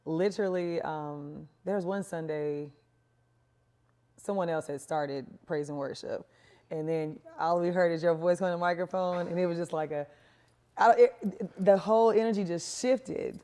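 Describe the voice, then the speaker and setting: A woman hosting a casual podcast interview, chatty and affirming, often backing her guest with quick agreement. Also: lowish voice, mellow. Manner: affirming, frequent mm-hmms, chatty. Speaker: podcast host.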